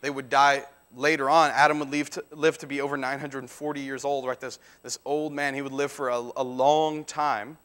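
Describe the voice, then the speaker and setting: Male pastor, 30s, mid-pitched voice; conversational sermon delivery, loose, with asides. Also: little pitch movement, normal speed, hardly any pauses, a bit bright, clear, resonant tone. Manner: conversational, frequent "right?" and restarts.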